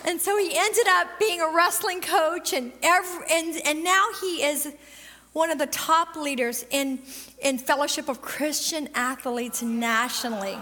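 High, bright-voiced woman preaching in a reverberant hall. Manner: animated storytelling, quick bursts and drawn-out emphasis. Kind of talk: sermon with personal testimony.

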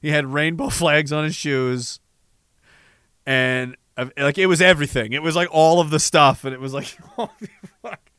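Sardonic, swearing man, bright voice. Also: a little high, steady tone, normal speed, smooth, no echo, clean studio sound. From Canada. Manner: rambling, profane, sardonic. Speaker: livestream host. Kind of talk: casual livestream chat reading viewer messages.

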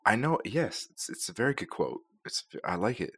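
A man co-hosting a comedic podcast, teasing with deadpan, low-key quips. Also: moderate pace, breathy edge. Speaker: podcast co-host. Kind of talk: casual comedic podcast chat.

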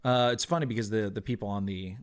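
A man's voice: fairly low pitch, quick pace. A man narrating as game master of a tabletop game, hesitant, with many fillers.

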